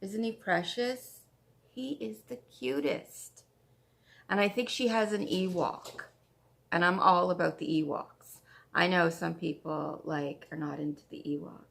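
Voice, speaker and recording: A woman's voice: on the low side, unhurried, gravelly, fairly bright tone. A woman hosting a stitching vlog, chatting casually and gushing over her projects, often repeating herself. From Canada. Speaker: flosstube host. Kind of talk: casual show-and-tell chat.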